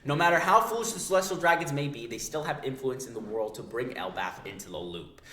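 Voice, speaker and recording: A man's voice: mid-range voice, expressive, a little fast, pushed and bright. Weary giant king, a man putting it on, earnest, echoey room. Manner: earnest, justifying.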